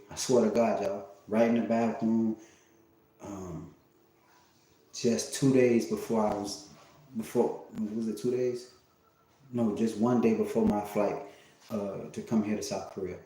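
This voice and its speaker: A low-voiced man rambles through a casual livestream monologue, swearing freely and trailing off into fillers and false starts. His tone is dark and mellow. The sound rings with heavy reverb from a very echoey room. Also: fairly even intonation, measured pace. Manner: rambling, profane, full of fillers and restarts. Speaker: livestream host.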